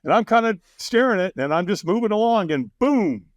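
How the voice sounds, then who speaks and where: A man's voice: high-pitched, fairly quick, no room sound, studio quality. A man talking as a podcast guest, telling a story with energy, laughing often and acting out what other people said. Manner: animated, acts out quoted voices, laughs often. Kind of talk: storytelling in a conversation.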